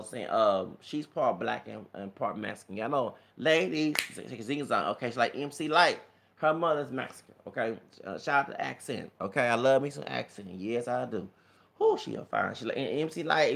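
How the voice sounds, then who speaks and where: A man's voice: mid-range voice, gravelly, fairly bright tone. A man, talking to viewers in a rambling monologue full of fillers. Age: 30s. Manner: rambling, many fillers, addresses viewers as y'all. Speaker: vlogger.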